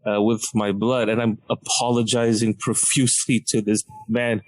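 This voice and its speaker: A man's voice: fairly low pitch, normal speed, no echo, low-quality recording. Man telling a comic story. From Malaysia. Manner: animated, laughs mid-sentence, self-mocking. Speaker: podcast guest, comedian. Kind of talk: comedic storytelling.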